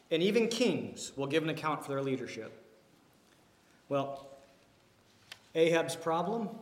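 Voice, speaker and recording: A man preaching a sermon as pastor, animated, with many rhetorical questions. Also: sits high. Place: church. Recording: echoey hall.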